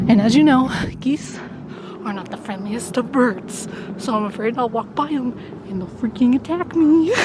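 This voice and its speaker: A young woman from Colorado talking casually in a vlog. She is chatty, laughs often and drops into hushed asides. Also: fairly high pitch, noisy background. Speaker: vlogger. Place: outdoors on a walk, later at a hospital.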